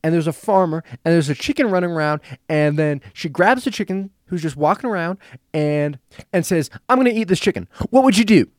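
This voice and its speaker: A man's voice: fairly high pitch, expressive, brisk, dry recording, studio quality, voice pushed up, natural voice. A man imitating a frantic teenage girl who keeps screeching the same question. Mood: shrill insistent. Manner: screeching, insistent.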